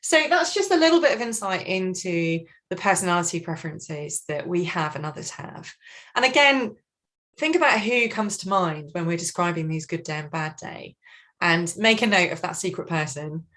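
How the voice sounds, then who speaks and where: A woman trainer leading an online workshop on communication styles, speaking in an animated, expressive way over a video call. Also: fairly low pitch, moderate pace. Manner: animated, expressive, acts out colleagues.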